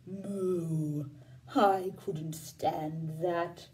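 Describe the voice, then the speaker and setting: A woman voicing a worried dairy cow in a storybook, low and drawn out. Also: slow pace, warm tone, far from the mic, close to an everyday voice. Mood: fretful.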